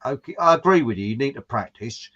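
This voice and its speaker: A man's voice: medium pitch, expressive, fast talker, a bit bright, breathy edge. Chatty English man hosting, lo-fi sound. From England. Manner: chatty, jokey, reads out viewer names. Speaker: host. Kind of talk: casual online chat show.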